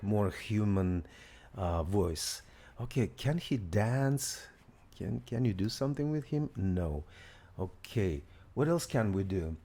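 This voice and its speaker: A man hosting a casual software demo, excited and thinking aloud as he tries things out. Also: lowish voice. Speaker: host.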